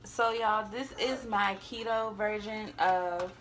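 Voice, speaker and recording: A woman's voice: medium pitch, steady tone, takes it slowly, noisy background. A young woman chatting to viewers in a casual home cooking vlog, sighing now and then and fighting back tears, recorded on a camera on a tripod in her kitchen. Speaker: vlogger.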